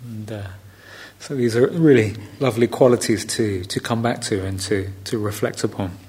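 Gentle man giving a dharma talk. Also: on the low side. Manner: gentle, reflective, unhurried with soft laughs. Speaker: meditation teacher.

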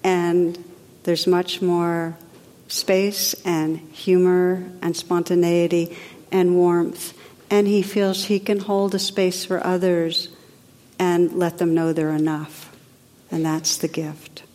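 A woman meditation teacher giving a spiritual talk in a gentle, reflective, unhurried way with soft drops in her voice. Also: on the low side, little pitch movement. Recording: long reverb of a large hall.

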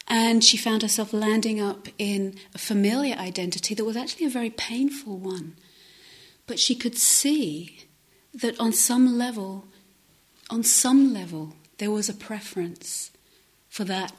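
A woman giving a reflective meditation talk, speaking softly and haltingly, often dropping to a near-whisper. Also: mid-range voice. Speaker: meditation teacher.

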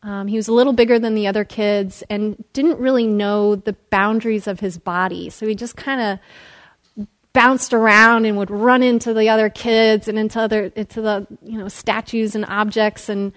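A woman meditation teacher giving a dharma talk, telling a story in a gentle, storytelling way and laughing often. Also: mid-range voice, fairly even intonation, normal speed.

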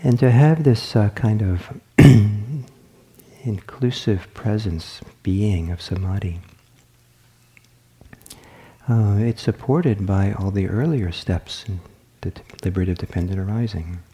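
A man giving a dharma talk as a meditation teacher at a retreat, speaking gently and reflectively, often halting and restarting his sentences. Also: lowish voice.

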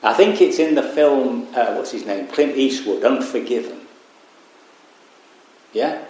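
A man's voice: medium pitch, lively intonation, darkish tone. Reflective male teacher in echoey room. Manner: reflective, pausing, wry asides. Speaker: Buddhist meditation teacher. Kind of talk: dharma talk. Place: retreat meditation hall.

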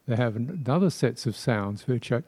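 A man with a mellow, warm voice teaches as a Buddhist teacher in a temple hall. He speaks in a reflective, unhurried way, pausing often and laughing softly. He now and then imitates speech sounds playfully. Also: mid-range voice, lively intonation. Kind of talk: dharma talk.

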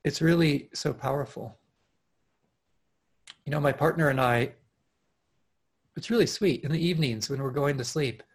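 Husky-voiced man giving an earnest dharma talk. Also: a little high, normal speed, long pauses. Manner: earnest and animated, with frequent restarts and soft laughs. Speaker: meditation teacher. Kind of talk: dharma talk at an online retreat. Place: home, over a video call.

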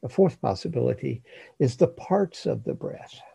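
A man teaching meditation, giving slow, calm instruction with long pauses. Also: medium pitch, creaky, husky, no echo.

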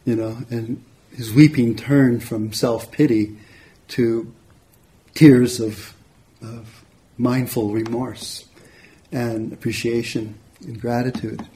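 A man, a meditation teacher, telling a story in a relaxed, conversational dharma talk. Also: mid-range voice, slow pace, slight background noise. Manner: relaxed, conversational, frequent "you know". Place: retreat center hall.

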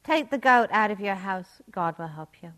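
A woman voicing a calm, wise old rabbi who gives gentle advice as she tells a folk tale in a talk. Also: mid-range voice, normal speed, close to an everyday voice. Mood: serene. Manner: serene, gentle.

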